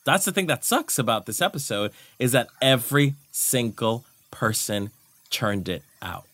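A man's voice: medium pitch, animated, normal speed, fairly bright tone, dry recording. A man talking as a podcast guest in casual chat, brash, sassy and swearing freely.

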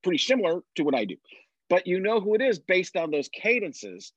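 A man chatting casually on a podcast, telling animated stories and slipping into quick impressions. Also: high-pitched, dry recording, lo-fi sound. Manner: animated storyteller, drops into impressions. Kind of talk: casual chat.

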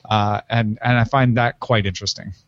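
On the low side and steady in tone, this man's voice moves at a moderate pace through lo-fi sound. He's a podcast co-host in a casual book discussion, thoughtfully explaining a novel's themes at length and using lots of fillers.

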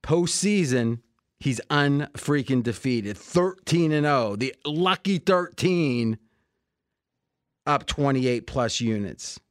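An American man hosting a sports betting podcast, chatting casually and joking as he pitches betting packages with a salesman's energy. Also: lively intonation, takes it slowly, clean tone, no echo, studio quality. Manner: upbeat salesman-like, joking, laughs often. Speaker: podcast host.

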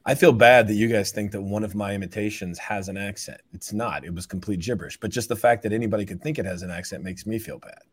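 A man hosting a casual sports podcast, thinking out loud and restarting his sentences. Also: on the low side, fast talker, hardly any pauses, slightly rough. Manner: rambling, stops and restarts to rethink. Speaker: podcast host.

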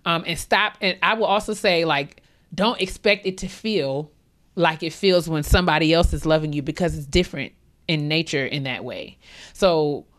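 A woman's voice: low-pitched, moderate pace. A young adult woman co-hosting a podcast, talking candidly and a bit rambling, with casual slang and easy laughs. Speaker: podcast co-host.

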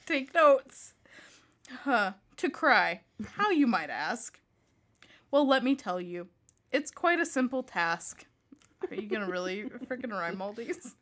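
A woman's voice: mid-range voice, sing-song, unhurried, a bit bright. A young woman co-host, teasing and giggling as she reacts and reads aloud. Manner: giggly, teasing, laughs often. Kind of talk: casual banter and mock reading.

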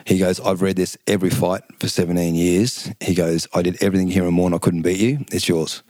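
A middle-aged man, casually telling lively stories as a podcast guest and acting out the quotes. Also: deep voice, fast talker, no room sound. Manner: animated storyteller, acts out quotes, laughs often. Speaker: guest, former kickboxing champion. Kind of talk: casual storytelling chat.

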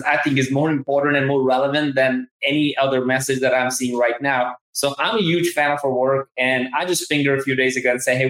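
Male host, Southern accent, excitable and rambling, live-stream chat on a video call. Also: mid-range voice. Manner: enthusiastic, rambling, many restarts and fillers. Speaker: podcast host. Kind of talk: casual live-stream interview. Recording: roomy, echoey room sound.

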